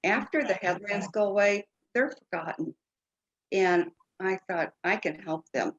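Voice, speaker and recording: A woman guest telling her story slowly and earnestly, with halting restarts. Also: medium pitch, dull audio. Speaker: guest, foundation founder. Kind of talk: interview storytelling.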